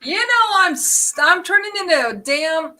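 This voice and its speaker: A woman's voice: very high voice, big pitch swings, moderate pace, pushed and bright. A woman from California hosting a casual live stream, loose and joking, swearing offhand. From California, USA. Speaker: host.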